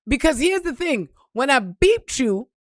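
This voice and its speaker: A woman's voice: high-pitched, big pitch swings, a little slow, no room sound, clean studio sound. A woman vlogger telling a story in a blunt, profane, preachy rant. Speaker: spiritual reader and vlogger.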